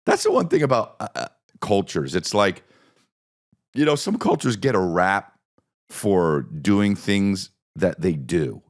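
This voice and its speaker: A low-pitched man with a gravelly edge hosts a podcast in a loose comedic monologue. He swears freely and rambles, leaning on repeated bits. His pitch swings widely from line to line. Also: sing-song, a little slow. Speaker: podcast host.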